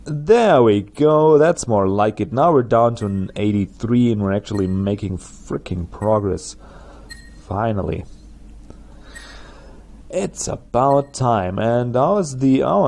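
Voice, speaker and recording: A man's voice: mid-range voice, moderate pace, creaky, dark tone. A man with a German accent, a native German speaker, chatting through gameplay commentary as a let's play host and laughing at his own jokes.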